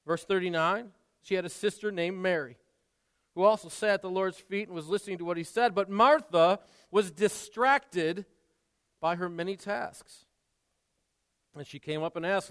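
Brief: an earnest, chatty male pastor with a high, clear voice, preaching in a church with a long hall echo. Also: moderate pace, a bit bright. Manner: conversational, earnest, with frequent restarts and asides. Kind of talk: sermon. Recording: long reverb in a large hall.

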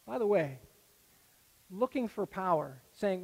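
A man preaching a sermon that explains a Bible passage, earnest and explanatory, often dropping to a soft, low tone. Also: expressive, measured pace, creaky. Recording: echoey hall with long reverb.

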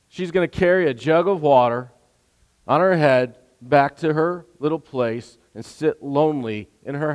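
A man giving a sermon as a pastor, animated and conversational, often checking in with "right?". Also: medium pitch. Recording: long hall reverb.

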